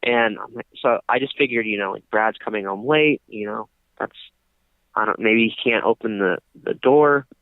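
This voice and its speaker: A man's voice: lowish voice, moderate pace, dry recording. Young man, casual podcast chat, rambling with lots of fillers, tinny phone-line sound, dry. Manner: rambling storytelling, many fillers and restarts. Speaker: podcast co-host.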